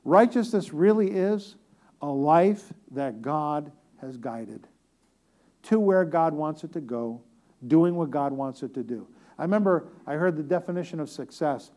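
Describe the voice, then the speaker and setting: A middle-aged male pastor preaches with a slightly raised, mellow voice. He tells stories with gentle humor. He swings between booming emphasis and soft, near-whispered asides. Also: lively intonation, a little slow. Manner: storytelling with humor. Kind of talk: sermon.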